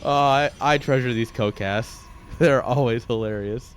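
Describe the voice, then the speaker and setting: A man's voice: medium pitch, measured pace, slight background noise. A man casting a live strategy game, easygoing and joking, often laughing. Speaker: esports caster. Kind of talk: casual live game commentary.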